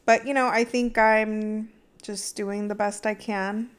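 Young woman podcast co-host, frank and venting, mid-pitched, relaxed casual chat. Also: smooth. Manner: candid, venting, quick laughter.

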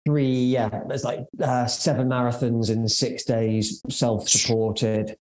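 A man's voice: mid-range voice, little pitch movement, slow pace, echoey room, low-quality recording. A man in his forties with an English accent, a podcast guest chatting casually in an upbeat, joking way with lots of fillers. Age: 40s.

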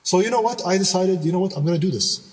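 A man's voice: high-pitched, fast talker, a little mellow, long reverb tail, distant mic. A young man from Canada telling a personal story in casual podcast chat, rambling with many restarts and asides.

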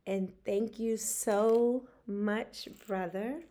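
Woman host, slow and heartfelt, livestream chat. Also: mid-range voice, fairly even intonation. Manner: warm, emotional, drawls words out. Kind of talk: casual livestream talk.

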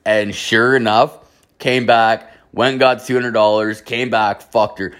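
Rambling, foul-mouthed young man, lowish voice. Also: fairly even intonation, measured pace, fairly bright tone. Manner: rambling, heavy on filler words and cursing. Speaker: storyteller. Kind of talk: casual profane anecdote.

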